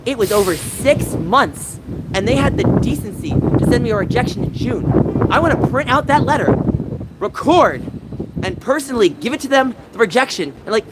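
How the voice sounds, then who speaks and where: A man's voice: high-pitched, big pitch swings, normal speed, background noise. A man livestreaming, chatting casually with his viewers and venting in a rambling, aggrieved way. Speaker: gaming livestreamer. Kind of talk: casual livestream chat reading live chat. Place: San Francisco.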